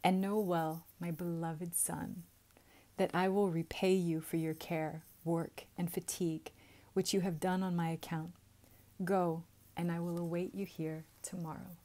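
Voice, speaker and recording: A woman with a Southern US accent voicing a gentle, loving holy mother who speaks to her son. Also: fairly low pitch, level tone, a little slow, lightly acted. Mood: tender.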